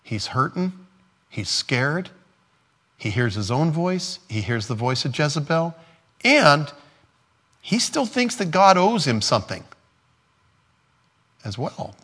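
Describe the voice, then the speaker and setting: A man's voice: a little high, very animated, slow pace, pauses often, a bit bright, slightly rough. A man preaching a sermon in an earnest, conversational way, laughing now and then and acting out scripture dialogue. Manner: acts out scripture dialogue in different voices.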